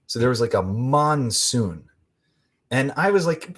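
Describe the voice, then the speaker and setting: A man, a podcast guest, telling a rambling, animated story in casual conversation. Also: medium pitch, measured pace, slight background noise.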